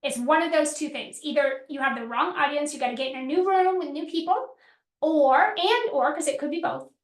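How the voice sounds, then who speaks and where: A middle-aged woman business coach teaching a workshop in a direct, energetic way, asking her audience questions and acting out what her clients say. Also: high-pitched, fairly quick, echoey room.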